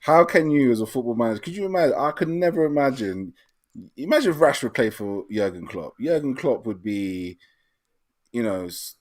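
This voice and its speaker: A man's voice: mid-range voice, darkish tone, no echo. A man on a football podcast panel, ranting in an indignant tone with sarcastic questions. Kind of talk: casual football chat.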